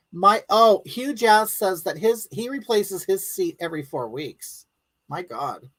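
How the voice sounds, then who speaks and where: Animated woman rambling on a live stream. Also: mid-range voice, slow pace, pauses often, rough recording. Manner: rambling, blunt and crude, talks straight to viewers. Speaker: livestream host reading viewer comments. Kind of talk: casual live-stream chat.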